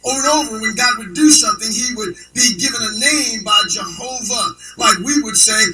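Man, preacher, call-and-response sermon, sharp voice, faint music behind. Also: very high-pitched, normal speed, hardly any pauses, distant mic, rough recording. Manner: emphatic call-and-response preaching, spelling out words.

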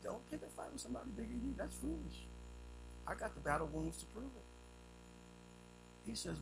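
Male preacher, high raspy-edged voice, animated storyteller, low music and hum under him. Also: fairly quick. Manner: storytelling with vivid sound effects, swings between loud and hushed. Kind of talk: sermon.

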